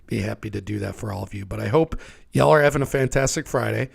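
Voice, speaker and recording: Hoarse, gravelly-voiced sick man. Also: on the low side, fast talker. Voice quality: raspy. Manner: conversational, talks through charts. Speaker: livestream host. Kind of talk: casual market commentary.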